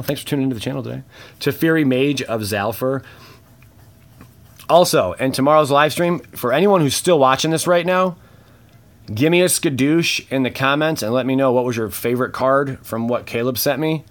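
A man hosting a casual card-opening video, talking in a relaxed, slangy way and reading card names aloud with quick bursts of excitement and muttered asides. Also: medium pitch. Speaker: channel host opening trading cards. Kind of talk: casual unboxing chat.

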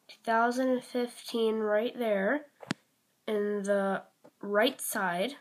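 Teen girl vlogger, slow rambling show-and-tell, filler-heavy and apologetic. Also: medium pitch, slight background noise. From Canada. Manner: rambling, many ums and likes, apologetic. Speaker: toy collection vlogger. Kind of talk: casual show-and-tell vlog.

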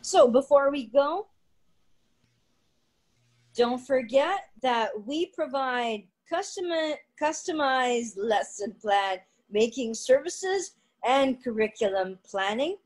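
A woman co-hosting a vlog for English teachers, talking in a relaxed, conversational way and repeating words as she thinks. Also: high-pitched, slow, poor audio. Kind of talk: casual panel discussion.

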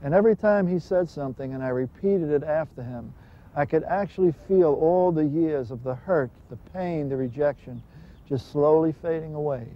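A man's voice: a little high, normal speed. A man giving an earnest, emphatic personal testimony. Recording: dull lo-fi recording with faint hiss.

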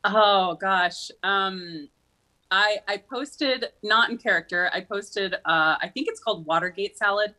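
A woman's voice: mid-range voice, measured pace, sharp tone. A woman from Minnesota with a Midwestern accent, a guest chatting in a chatty, giggly way about her comedy videos. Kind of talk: casual chat.

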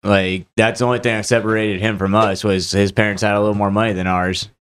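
Low-voiced man in profane casual chat. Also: level tone, fairly bright tone, clean tone. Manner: profane, chiming in with quick reactions.

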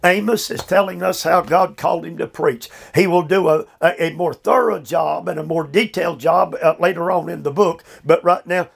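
An older man teaching a verse-by-verse Bible study sermon at home, slow and emphatic with drawn-out phrasing and repeated fillers. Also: fairly high pitch, vocal fry, husky. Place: his home.

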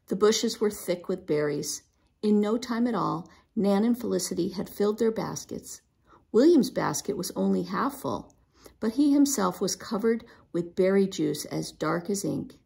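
Gravelly woman reading a storybook. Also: mid-range voice, lively intonation, moderate pace, dark tone. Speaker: storybook reader. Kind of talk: reading a children's book aloud.

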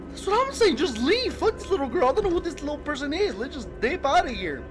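A young adult streamer playing a horror game, jumpy and swearing, shouting in fright. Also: high-pitched, very animated, quick pace. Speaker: gaming streamer. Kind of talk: horror gameplay commentary. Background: game music.

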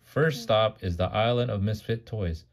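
A man's voice: fairly low pitch, moderate pace, gravelly. A man voicing a kindly old Santa Claus while reading a bedtime storybook aloud. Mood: eager.

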